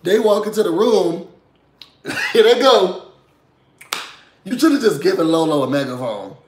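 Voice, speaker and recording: A hoarse man with a slightly higher voice gives a chatty, sassy recap of a reality show, peppering it with asides to his viewers. His voice sounds worn from being under the weather. The sound bounces around a roomy space. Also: very animated, a little slow. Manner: chatty, sassy, asks "you know what I'm saying?". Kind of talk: casual recap commentary.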